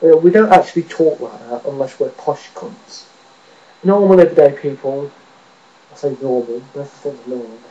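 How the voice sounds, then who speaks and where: A man's voice: medium pitch, normal speed, mellow, lo-fi sound. An English man rambling casually in a vlog, self-mocking and sweary, often laughing at himself. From England. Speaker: vlogger.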